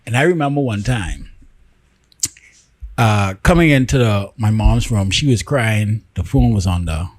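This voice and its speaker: A man's voice: lowish voice, a little slow, dry recording. Emphatic man hosting a podcast. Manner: animated storytelling, emphatic and repetitive restarts. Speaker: podcast host. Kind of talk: casual podcast conversation.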